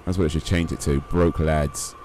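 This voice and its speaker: Deep-voiced laid-back young male streamer. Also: steady tone, moderate pace, a little mellow. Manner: rambling, laid-back, slangy. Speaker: game streamer. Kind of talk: casual live-stream chat while gaming.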